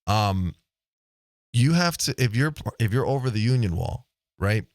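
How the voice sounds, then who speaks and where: Male podcast host, low and animated, loose chatty delivery, dry close studio mic. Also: unhurried, no echo. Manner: loose, swearing, thinks aloud with many "right?" checks. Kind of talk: casual chat. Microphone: studio microphone, close.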